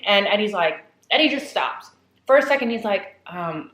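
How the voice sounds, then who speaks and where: A woman's voice: on the low side, normal speed, reverberant, rough recording. A woman vlogger who eats on camera while she chats her way through a spooky story. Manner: chatty, animated retelling. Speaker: vlogger telling a horror story. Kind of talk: casual storytelling while eating.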